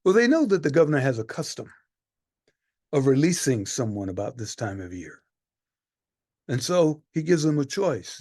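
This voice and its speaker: A man performing a one-man play as a weary Roman centurion, telling the story in a dramatic monologue that swings from hushed to loud. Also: medium pitch, lively intonation, moderate pace, dry recording, studio quality.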